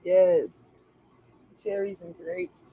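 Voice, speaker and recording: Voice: medium pitch, level tone, extremely slow, warm tone, muffled recording, slight background noise. A tarot reader in casual live-stream chat, joking and chatty with plenty of slang.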